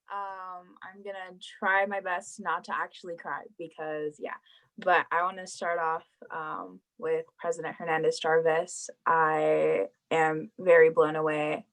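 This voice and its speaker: A young woman speaking through tears on a video call, halting and stumbling over fillers. Her voice sits fairly low for a woman. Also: low-quality recording. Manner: tearful, halting, many fillers. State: crying. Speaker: school board trustee. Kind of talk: farewell remarks at an online board meeting.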